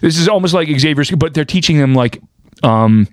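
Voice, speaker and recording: A man's voice: on the high side, lively intonation, normal speed, dry recording, studio quality. A man co-hosting a podcast in casual chat, talking through shows he watched and laughing often. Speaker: podcast co-host.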